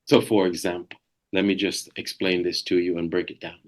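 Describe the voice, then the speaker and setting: A man's voice: low voice, level tone, brisk. Man, middle-aged, sales coach, emphatic, repeats phrases, video call. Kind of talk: energetic coaching webinar.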